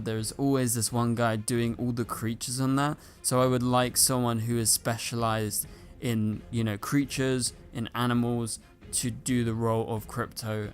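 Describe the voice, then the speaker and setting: A man hosting a casual commentary show, talking through casting news in a chatty way, filling his talk with "like" and "you know". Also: mid-range voice. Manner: chatty, filler-heavy with frequent "like" and "you know". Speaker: YouTube host. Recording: faint music behind.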